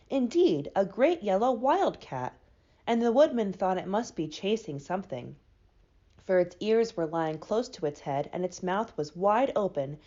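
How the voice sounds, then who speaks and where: A woman librarian reading a children's book aloud with expressive storybook delivery. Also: medium pitch, muffled recording.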